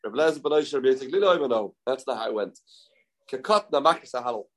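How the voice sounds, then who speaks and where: Lively man teaching Talmud. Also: mid-range voice, fast talker. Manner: lively, chants quoted verses in sing-song; asks and answers his own questions. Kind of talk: Talmud lecture.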